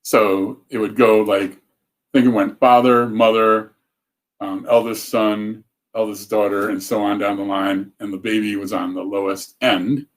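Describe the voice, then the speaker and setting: A man with a lowish voice and an even tone hosts a casual livestream talk at a measured pace. He's chatty and rambling, frequently cutting himself off mid-thought to read viewer comments.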